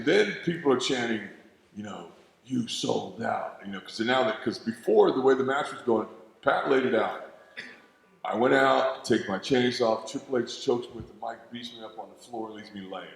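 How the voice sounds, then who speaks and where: Gravelly man, fifties, animated storyteller, sound effects, long arena reverb. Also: mid-range voice. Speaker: retired pro wrestler interviewee. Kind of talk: storytelling interview.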